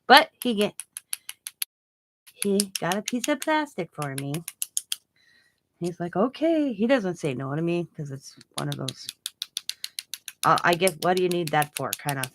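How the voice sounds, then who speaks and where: Chatty woman with a slightly low voice. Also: lively intonation, a little slow, pauses often, background noise. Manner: rambling and chatty, often laughing. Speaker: craft channel host. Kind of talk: casual livestream chat while crafting. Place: home craft room.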